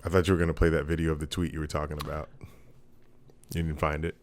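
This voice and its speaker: Deep-voiced blunt young podcast host. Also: male voice, quick pace, slight background noise. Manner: blunt, profane, animated when ranting. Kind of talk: casual chat.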